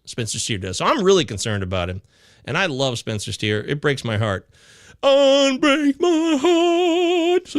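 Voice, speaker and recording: A man hosting a live fantasy baseball chat show, reading viewer comments aloud with excitable, casually profane banter. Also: medium pitch, no room sound, clean studio sound. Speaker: fantasy baseball podcast host.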